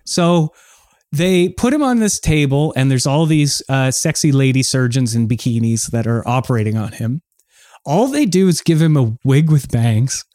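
A man co-hosting a comedy podcast, telling an animated story and acting out quoted lines. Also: mid-range voice, normal speed, dry recording, studio quality. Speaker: podcast co-host.

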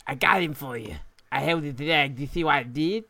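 Lisping little thug, a man putting it on, gravelly, bright and eager to please. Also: fairly quick, slight background noise. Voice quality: lisping, put-on high voice. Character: scrappy little male brawler Egg, lisping.

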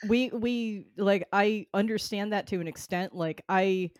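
A man's voice: high voice, measured pace, no room sound. A man chatting on a podcast, mostly chiming in with short agreeable remarks. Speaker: podcast guest. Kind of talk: casual podcast chat.

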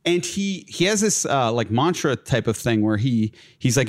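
A man's voice: mid-range voice, lively intonation, normal speed. A young man telling a long personal story in a casual chat as a guest, full of fillers like "like" and "uh". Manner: rambling, filler-heavy, laughs through his stories.

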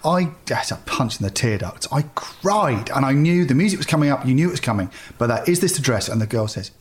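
A man's voice: medium pitch, expressive, fairly quick. A man hosting a podcast, chatting casually and reflectively. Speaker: podcast host. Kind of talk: casual chat.

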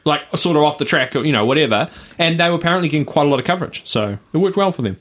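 A man's voice: fairly high pitch, expressive, very fast, a bit bright. A man co-hosting a podcast in casual chat, easygoing, with short reactions and asides. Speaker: podcast co-host.

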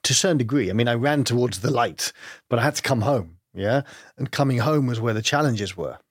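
A man's voice: mid-range voice, lively intonation, fairly quick, slightly rough, dry recording, clean studio sound. A man as an interview guest, speaking candidly and reflectively about hard times, with frequent laughs. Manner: reflective, earnest, laughs often.

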